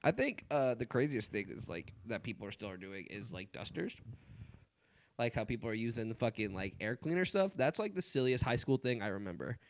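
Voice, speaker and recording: A man co-hosting a podcast in casual, profane chat, telling stories with lively put-on quotes. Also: medium pitch, fairly quick. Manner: profane, animated storyteller who puts on quoted voices. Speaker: podcast co-host.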